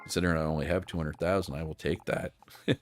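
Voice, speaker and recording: A man's voice: extremely low pitch, steady tone, fast talker, faint music behind. A man streaming a management game, chatting casually and thinking aloud with many fillers and restarts. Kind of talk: casual gameplay commentary.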